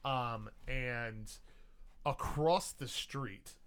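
A man runs a tabletop game, describing scenes at an unhurried pace. He drifts along loosely, filling gaps with ums and likes. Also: medium pitch, a little hiss or hum. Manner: relaxed, unhurried narration with many fillers. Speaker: game master.

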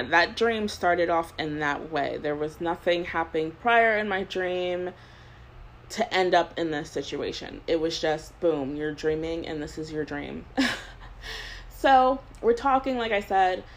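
A woman in her twenties tells a story on her own podcast in a loose, rambling way, filling every gap with "like" and breaking into laughs between thoughts. Her voice sits a little on the low side, and a faint hiss runs under the recording. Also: rough recording. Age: 20s. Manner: rambling storyteller, heavy use of "like". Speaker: podcast host. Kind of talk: casual chat.

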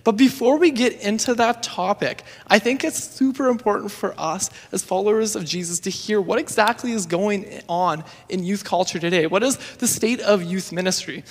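A young man preaching a sermon as youth pastor, speaking in an energetic, upbeat and earnest way. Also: high voice, normal speed, few pauses. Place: church sanctuary. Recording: reverberant church hall.

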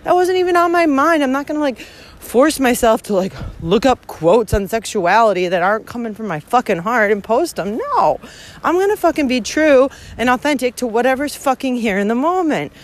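A woman's voice: fairly high pitch, very animated, brisk. A woman records herself outdoors on a hiking trail. She talks bluntly and swears heavily, with frequent laughs in a casual rant. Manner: profane, blunt, laughs often. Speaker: hiking vlogger. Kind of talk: casual rant while walking.

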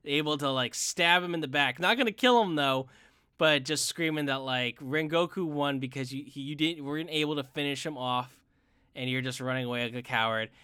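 A man chatting about a film he loved, his words tumbling out in restarts and fillers. His voice is bright and clear, picked up dry and close. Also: fairly high pitch, brisk, no room sound. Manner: excited, rambling with many restarts and fillers. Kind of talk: casual chat reviewing an anime film.

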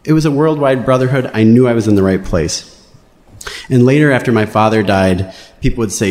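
A man's voice: medium pitch, fairly quick. Wry male storyteller in an echoing hall. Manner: wry, animated, playing quotes in raised voices. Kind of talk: live personal storytelling. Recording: roomy hall reverb.

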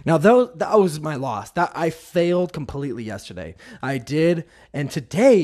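Brief: man, fairly high voice, earnest confessional testimony, halting restarts. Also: very animated, darkish tone. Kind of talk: personal faith testimony.

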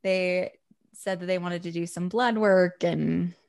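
Woman, 30s, podcast host, gravelly, low voice, relaxed casual chat. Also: a little slow.

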